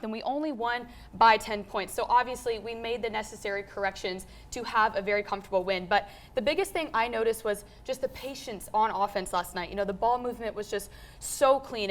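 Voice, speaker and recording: A young woman reporting on a basketball game at a news desk, talking quickly and confidently with casual fillers. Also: fairly high pitch. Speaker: sports reporter. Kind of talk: sports reporting.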